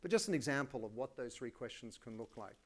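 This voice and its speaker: A middle-aged Australian man giving a live conference keynote, energetic and colloquial, with self-deprecating asides. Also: medium pitch, fast. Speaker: keynote speaker.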